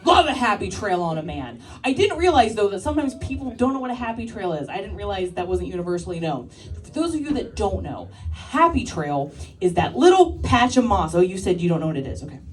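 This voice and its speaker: A woman's voice: mid-range voice, very animated, fairly quick, distant mic, soft background music. A woman in her thirties doing a stand-up comedy set, working the crowd with brash, crude banter and frequent laughter. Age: 30s. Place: live club stage with audience.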